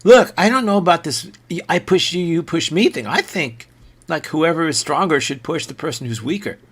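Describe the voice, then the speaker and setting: A man's voice: fairly high pitch, animated, normal speed, a bit bright, husky. A man voicing a boastful thirteen-year-old boy who is indignant and given to dramatic outbursts.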